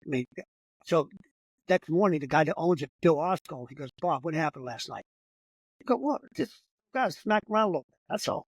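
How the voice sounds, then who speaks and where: An older man with a fairly high voice tells a long, profanity-laced story in a rambling, animated way. The sound is dry and close, with no room around it. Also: a little fast, dry recording, rough recording. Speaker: comedian guest. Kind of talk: casual storytelling.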